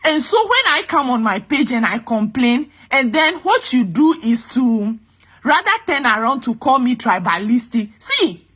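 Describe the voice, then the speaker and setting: A Ghanaian woman vents to her followers in an angry, exasperated rant. Her voice is husky and fairly high. It swings widely as she hammers her points home. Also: sing-song, unhurried, fairly bright tone. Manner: exasperated, emphatic, repeats herself. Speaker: vlogger. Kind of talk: impassioned vlog rant.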